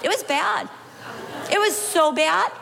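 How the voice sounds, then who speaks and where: A middle-aged pastor's wife giving a humorous personal testimony in a sermon, animated and acting out her own past reactions. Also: extremely high pitch, slow pace, vocal fry, long reverb tail, a crowd in the background, noisy background. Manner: animated storytelling, acting out her own wails and self-talk.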